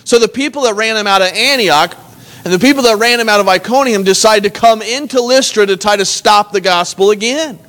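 Preaching earnestly, the pastor reads scripture aloud and puts it into everyday words. He has a high, fairly bright voice and speaks a little fast.

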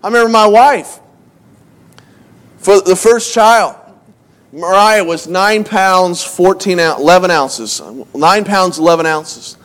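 Pastor, male, higher voice, relaxed storytelling sermon, self-deprecating, restarts lines, reads scripture in old-fashioned wording. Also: slow pace. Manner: storytelling, restarts phrases, self-mocking asides. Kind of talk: conversational sermon.

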